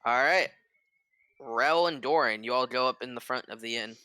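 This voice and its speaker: A man's voice: medium pitch, normal speed, pushed and bright, clear, resonant tone, no echo. A man narrating as game master of a tabletop game, rambling with lots of fillers.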